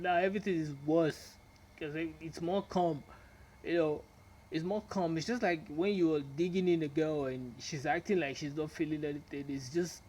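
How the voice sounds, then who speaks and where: A young man talking casually to the camera in a rambling monologue, laughing often and dropping into a low drawl when he quotes himself. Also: darkish tone. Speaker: vlogger.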